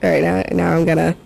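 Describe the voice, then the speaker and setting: With a creaky, darkish, mid-range voice over a slight hiss or hum, a teenager chats casually and giggles while drawing for a vlog. They swear a lot, poke fun at themself, and ramble, repeatedly trailing off and starting again.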